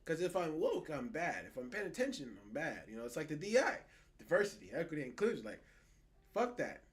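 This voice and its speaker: Animated, swearing man on a podcast. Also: a little high, quick pace. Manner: animated, profane, mocking quoted voices. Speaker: podcast co-host. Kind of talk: casual political chat.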